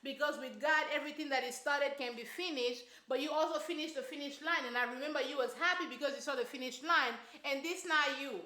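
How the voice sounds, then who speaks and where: A woman's voice: sits high, brisk, hardly any pauses, bright, forceful tone, reverberant. A woman mimicking an older churchgoing father who rambles on in repetitive, preachy circles. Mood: rambling.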